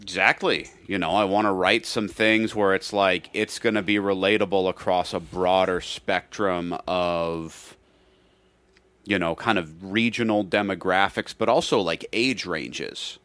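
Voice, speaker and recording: Deep-voiced man rambling through a story. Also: steady tone, unhurried, a bit bright, dry recording. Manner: rambling storyteller, restarts and acts out quotes. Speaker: comedian podcast co-host. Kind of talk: casual chat.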